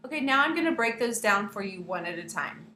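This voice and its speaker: A woman's voice: medium pitch, lively intonation, fairly quick, bright, forceful tone. A young woman, teaching a lesson to her students in a playful way and speaking to them directly. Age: young adult. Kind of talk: classroom lesson narration. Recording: echoey room with faint hiss.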